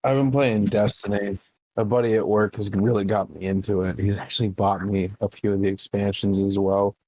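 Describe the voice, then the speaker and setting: Crude, low-voiced podcast co-host. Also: male voice, level tone, a little fast, no echo, lo-fi sound. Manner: crude, swearing, laughing often. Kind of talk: casual comedy podcast chat.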